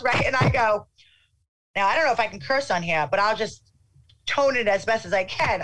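A middle-aged woman telling a casual anecdote in an animated way, acting out what people said. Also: a little high, fairly quick, background noise. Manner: animated, acts out quotes.

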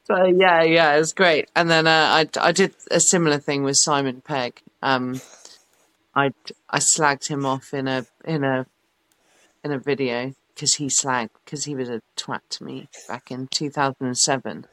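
A woman's voice: extremely low pitch, steady tone, moderate pace, a bit bright, no room sound. A woman in her forties, a podcast guest telling rambling, sweary stories with lots of fillers. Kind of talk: casual chat, telling anecdotes.

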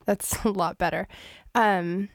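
A woman's voice: mid-range voice, fairly even intonation, slow, dry recording. A nasally congested woman chats on a podcast mic in a bone-dry room. She is chatty and laughs easily, talking loosely about what she has been reading. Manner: chatty, laughs often, sings playful jingles. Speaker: podcast co-host. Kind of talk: casual podcast chat. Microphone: studio microphone.

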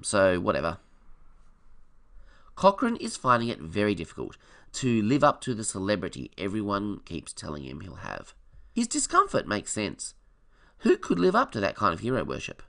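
A man's voice: lowish voice, creaky, a bit bright. A man giving casual, enthusiastic fan commentary on a film, with opinionated asides. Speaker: film reviewer.

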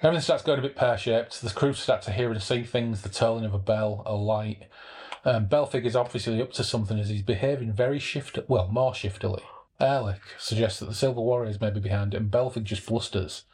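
A man, hosting a podcast and summarizing a novel in relaxed, chatty talk, with passages read aloud. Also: fairly low pitch, brisk, husky. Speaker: podcast host.

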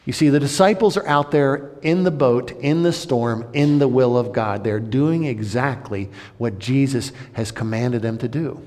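A male pastor preaching a sermon, dramatic, swinging between loud, high outbursts and hushed, low passages. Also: measured pace, hardly any pauses. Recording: long hall reverb.

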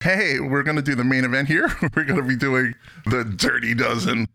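A man's voice: mid-range voice, normal speed, creaky, bright, forceful tone. Enthusiastic laughing male podcast host. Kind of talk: casual music chat.

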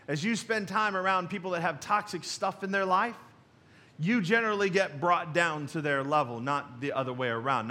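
A man's voice: sits high, pushed and bright. A man in his forties preaching a sermon as pastor, telling folksy stories with chuckles and asides to the congregation. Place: church sanctuary.

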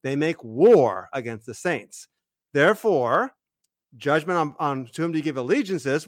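A man's voice: a little high, lively intonation, normal speed, no echo, studio quality. A man co-hosting a casual scholarly Bible discussion, walking through the Greek text step by step and often restarting his sentences. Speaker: co-host, Bible teacher.

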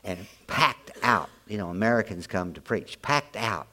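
A man's voice: fairly low pitch, animated, moderate pace, sharp tone. A middle-aged man preaching a sermon as pastor, telling stories in a folksy way, often repeating and restarting his words.

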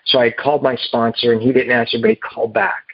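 Man, recovery share, halting and earnest, husky voice, dry muffled phone sound. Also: mid-range voice, lively intonation, no echo. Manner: halting and earnest, with repeated restarts. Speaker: speaker at a recovery meeting. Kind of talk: personal recovery story told to a group.

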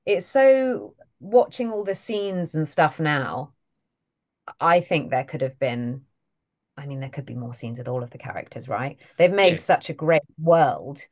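A British woman with a notably low voice talks through an interview in a loose, chatty way. She is self-deprecating and quick to laugh. She speaks as a guest actress. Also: animated, darkish tone. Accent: British English. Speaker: voice and mocap actor guest. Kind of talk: casual interview chat.

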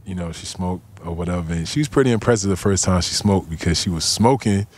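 Deep-voiced man telling a story casually. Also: fast talker, darkish tone. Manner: laid-back, slangy, "you know what I'm saying" fillers. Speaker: guest, cannabis company founder.

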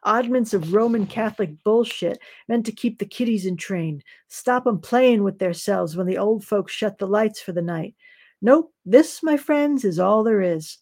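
A cynical old fisherman holds forth to his friends in a coarse, preaching way, as a woman reads him aloud. The voice is mellow and unforced, with an everyday warmth. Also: medium pitch, lively intonation, unhurried. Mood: lecturing. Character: gruff bitter older male fisherman, storyteller.

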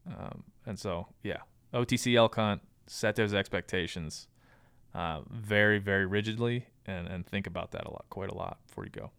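A man's voice: low voice, normal speed, vocal fry, a bit bright, clean tone, no echo. A man speaking as a podcast guest, giving casual advice in a thoughtful way with frequent ums and restarts.

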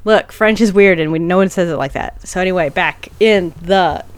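A woman's voice: on the low side, normal speed, no room sound. Woman podcast host, laughs a lot, swears, dry close sound. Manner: laughs often, swears casually. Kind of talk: casual chat and storytelling.

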